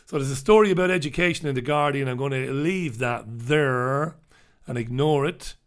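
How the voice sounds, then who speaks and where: In a dark room, a man hosts a live newspaper review as casual live-stream commentary. His mid-range voice is clear and resonant at a moderate pace. He talks casually with a sardonic edge, turning mock-dramatic when reading headlines.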